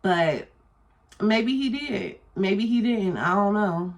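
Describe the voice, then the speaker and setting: A young adult woman telling a storytime vlog in a blunt, animated, profane way. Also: medium pitch, slow pace. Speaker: vlogger.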